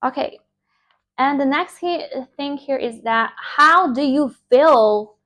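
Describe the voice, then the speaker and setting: A young woman, a native Russian speaker, giving an informal motivational English lecture in an emphatic, animated way with fillers and restarts. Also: sits high, takes it slowly. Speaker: English teacher.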